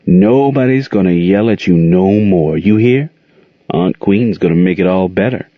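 A man's voice: deep voice, a little slow, no echo. A man voicing an older aunt, folksy, firm and protective, in a dull muffled recording. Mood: tender. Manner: folksy, scolding then tender. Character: warm firm older aunt raising kids.

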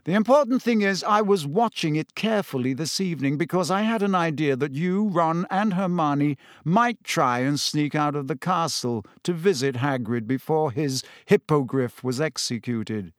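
Brief: a calm, tired middle-aged male teacher, read by a man, patient and measured, with a dry, close sound. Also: a little high, dry recording, natural voice.

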